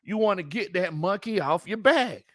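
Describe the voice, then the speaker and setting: A man's voice: sits high, dry recording, studio quality. A man hosts a casual live sports stream, reading chat comments, laughing often and drawing out his words. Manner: animated, laughs often, drawn-out colloquial speech. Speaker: sports talk show host.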